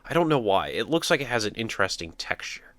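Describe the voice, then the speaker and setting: A man's voice: fairly low pitch, big pitch swings, fast, a bit bright, no echo. A young man commentating a sad game as he plays, tearful and rambling, with jokey asides. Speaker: gamer. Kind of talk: let's-play commentary.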